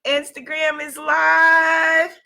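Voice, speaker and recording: A woman with a high, bright voice that is hoarse and strained runs a motivational live stream. She talks with eager energy into a clip-on mic, calling out viewers by name. Her tone stays upbeat and coaching throughout. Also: completely flat delivery, drawn-out words. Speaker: spiritual business coach and live-stream host. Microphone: clip-on microphone.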